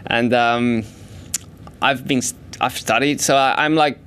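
A man and stand-up comic talking about himself in a loose, animated way. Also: measured pace, clear, resonant tone. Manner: animated, jumps into high mock voices for quoted people. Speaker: stand-up comedian. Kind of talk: stand-up set and interview.

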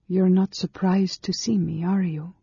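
A reader putting on a soft-spoken mysterious young woman. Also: on the low side, flat delivery, a little slow, creaky, slightly rough, no room sound, muffled recording, voice pushed up, heavily acted. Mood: soft, tender. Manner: soft, murmuring. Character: gentle mysterious non-human young woman.

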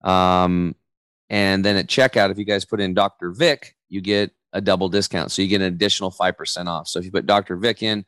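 A man in his forties, a podcast guest talking in a loose, energetic, casual way and acting out quoted voices as he tells stories. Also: low voice, fairly quick, no echo. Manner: energetic, loose storyteller who acts out quotes. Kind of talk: casual interview chat.

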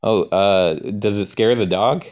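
Man with a lowish voice, improv player, hesitant, self-narrating. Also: darkish tone. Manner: halting, questioning, self-narrating. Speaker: player in an improvised story game. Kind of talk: improvised role-play.

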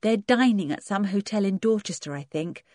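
A woman's voice: mid-range voice, animated, moderate pace, a little mellow, no room sound, clean studio sound, pitched above the performer's own voice, lightly acted. A woman doing a kindly, fussy farmer's wife. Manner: fussy, motherly.

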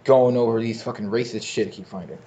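A laid-back man co-hosting a podcast, easygoing and slangy, with swear words sprinkled through his talk. His voice has an average pitch, and the recording sounds dull and muffled. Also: steady tone, fast talker, dark tone. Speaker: podcast co-host. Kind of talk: casual chat.

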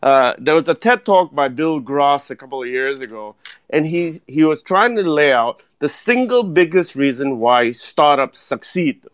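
A man giving animated speaking advice as a guest in a podcast interview, full of "right?" tag questions. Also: fairly high pitch, normal speed, no room sound. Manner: energetic, keeps asking "right?" and tacking on "though". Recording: dull lo-fi dry sound.

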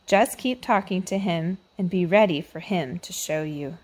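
A woman voicing a cheerful, encouraging female mentor who speaks loudly and reassuringly in a storybook reading. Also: fairly low pitch, moderate pace, natural voice. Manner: enthusiastic, reassuring.

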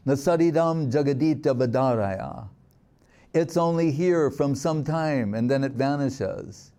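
A man giving a spiritual sermon, telling stories in a reflective, unhurried way and reciting verses. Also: medium pitch, dark tone. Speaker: swami giving a spiritual talk.

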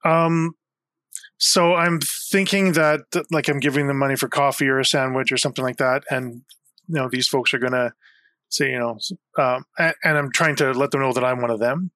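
A man's voice: mid-range voice, steady tone, moderate pace, sharp tone. A man playing a tabletop game, thinking aloud hesitantly. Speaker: player. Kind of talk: casual tabletop play.

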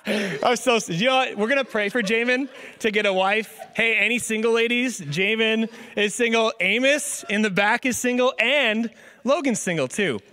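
A man's voice: sits high, a little slow. A young man preaching a casual sermon as a pastor, joking and telling stories with lots of fillers. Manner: joking, animated storytelling with many fillers. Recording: long hall reverb.

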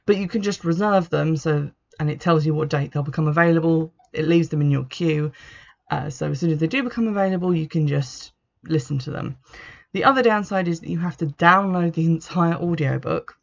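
Gravelly-voiced chatty book reviewer. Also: mid-range voice, brisk, lo-fi sound. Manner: chatty, rambling, wry. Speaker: host.

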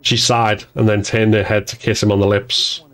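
A man narrating an audiobook in an even, measured storytelling voice. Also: fairly low pitch.

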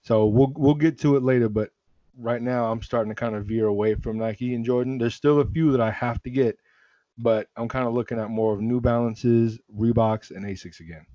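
A man hosting a casual sneaker chat, relaxed and rambling, often restarting his sentences. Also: medium pitch, a little fast, no room sound, highs cut off. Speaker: sneaker podcast host.

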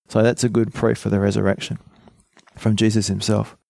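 Gravelly low-voiced man preaching. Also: little pitch movement, a little fast, dark tone, dry recording, studio quality. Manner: reads scripture aloud and explains it plainly, with fillers. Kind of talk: Bible teaching sermon.

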